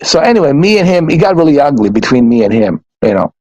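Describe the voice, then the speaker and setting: A man's voice: mid-range voice, fast, no echo, lo-fi sound. Man, casual rant; swears freely, keeps repeating himself, mid-range voice, dry sound. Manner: animated, profane, repeats himself. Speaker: YouTuber. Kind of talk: casual ranting monologue.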